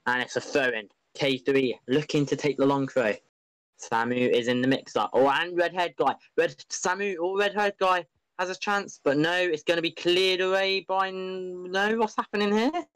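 A man giving excitable, rambling, openly biased live commentary on an online football match. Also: medium pitch, no room sound, poor audio.

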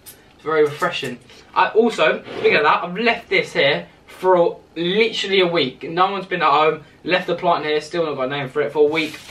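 A man's voice: a little high, normal speed, pushed and bright, recorded from a distance, a little hiss or hum. A young man hosting his own podcast in casual, rambling chat, swearing freely and restarting sentences. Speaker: podcast host.

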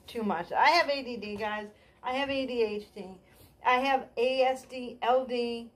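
High-voiced woman doing a scattered comic ramble. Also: fairly even intonation, normal speed, slight background noise. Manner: scattered, self-deprecating, trailing off and restarting. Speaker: stand-up comic. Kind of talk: rambling comedy monologue.

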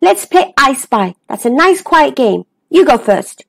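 A woman's voice: sits high, sing-song, unhurried, gravelly, fairly bright tone, exaggerated voice. A woman voicing a sparkly older cousin fish in a children's storybook, anxious and caring as he looks after the little one. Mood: worried.

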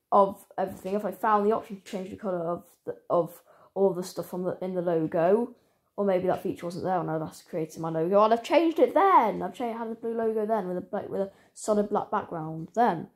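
Woman, channel owner, casual vlog chat, rambling, halting, restarts a lot, mid-pitched voice. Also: a little mellow.

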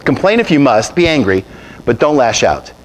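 A pastor preaching a sermon, calling on the congregation to repeat after him and answer. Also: male voice, medium pitch, very animated, normal speed, slight background noise.

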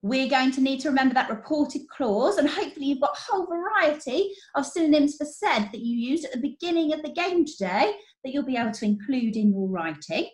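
A woman teacher, explaining writing step by step in an online lesson, clearly and encouragingly. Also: high voice, lively intonation, a little fast. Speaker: primary school teacher. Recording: roomy echo.

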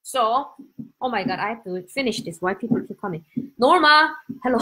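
Excitable Korean-accented woman teaching live. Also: a little high, normal speed. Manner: excitable, laughing, chatty and spontaneous. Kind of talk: casual live-stream lesson.

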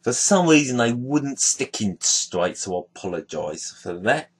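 A man in a casual show-and-tell video, walking through a finished sticker collection. He speaks at a slow, relaxed pace with a mid-range voice, reading out names one after another. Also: medium pitch, husky. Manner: unhurried, listing names one by one.

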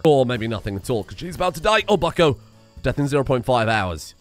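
Soft music sits behind a mid-range, sing-song male voice speaking fairly quickly in a West Country accent. The streamer keeps his let's-play commentary light and jokey, swearing as he likes.

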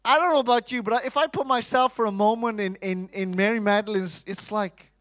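A man with a fairly high voice delivers a lively, humorous sermon, calling out to the congregation for responses. His voice sits close to the mic and sounds dry, with little room sound around it. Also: fairly quick, no room sound, low-quality recording. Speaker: preacher. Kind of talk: Easter sermon.

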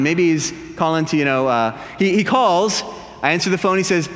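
A man's voice: fairly high pitch, a little fast. A male pastor giving a humorous sermon in a church, telling stories with jokes and impressions. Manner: animated storytelling with jokes and impressions. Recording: long hall reverb.

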